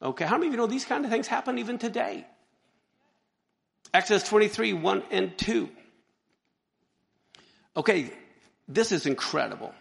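Animated joking pastor, man, gravelly voice, preaching in a reverberant sanctuary. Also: high voice, moderate pace, long pauses. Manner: animated, joking, exclaims and laughs often. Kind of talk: sermon. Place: church sanctuary. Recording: long hall reverb.

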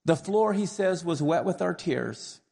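A man preaching, retelling a story in an earnest, measured manner. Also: high voice, expressive, vocal fry, a little mellow, in a large hall. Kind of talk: sermon storytelling.

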